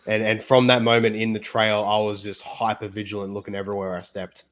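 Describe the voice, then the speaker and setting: A man's voice: on the low side, flat delivery, brisk. A man with an Australian accent, a guest on a video call, telling stories in a chatty, rambling way. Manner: chatty storyteller, rambling with fillers. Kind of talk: casual interview chat.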